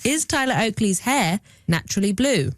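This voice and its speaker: A woman's voice: mid-range voice, expressive, moderate pace, no room sound, clean studio sound. A woman reading quiz questions aloud in a radio game. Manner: reads questions out like prompts.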